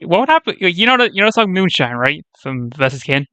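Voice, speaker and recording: Male host, crisp smooth voice, bright tone, teasing casual chat. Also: fairly high pitch, sing-song, brisk, dry recording. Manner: joking, teasing. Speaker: interview host.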